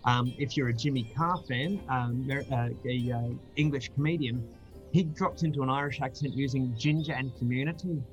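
An Australian man talks casually over a video call, chatty and quick to laugh, stumbling over fillers and restarts. Faint music plays underneath. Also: mid-range voice, highs cut off. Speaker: guest. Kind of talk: casual chat.

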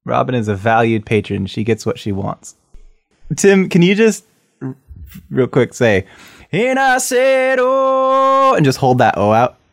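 A man's voice: medium pitch, lively intonation, moderate pace, vocal fry, dry recording, studio quality. A man chatting casually at a tabletop game, teasing the other players and directing them. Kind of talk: casual chat.

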